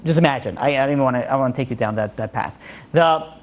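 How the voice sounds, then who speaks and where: A man's voice: medium pitch, fast talker. A male rabbi giving an informal class, earnest and repeating his phrases for emphasis.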